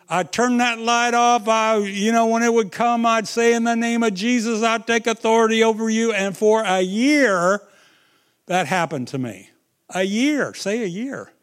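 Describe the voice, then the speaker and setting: Man, middle-aged, preacher, sermon, high-pitched, unhurried, dramatic storytelling. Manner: storytelling, dramatic swings between loud and hushed.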